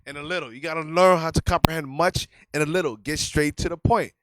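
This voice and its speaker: A man's voice: a little high, fast talker, a bit bright, no echo, low-quality recording. A man teaching a religious class in an emphatic, conversational sermon style, often repeating his key phrases.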